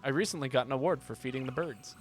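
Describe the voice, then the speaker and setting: This medium-pitched man talks fast as he streams his gameplay. He's relaxed and joking, reading chat out loud and chatting casually with the people watching.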